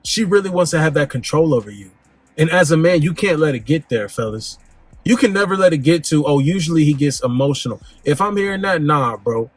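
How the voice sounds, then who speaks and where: A man hosting a dating advice talk, speaking bluntly in slang and swinging his pitch up and down for emphasis. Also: animated, fairly quick, slightly rough, no echo. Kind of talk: casual direct-to-camera monologue.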